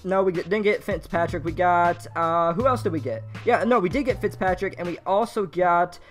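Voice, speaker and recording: A young man commentating a live pack-opening stream in a chatty, running way, talking to his viewers as he goes. He swings from easy chatter to loud, giddy outbursts, with soft music playing quietly behind him. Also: high voice, normal speed. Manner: excitable, shouts and laughs at big pulls; chatty, reads chat aloud. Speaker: mobile game streamer. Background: faint background music.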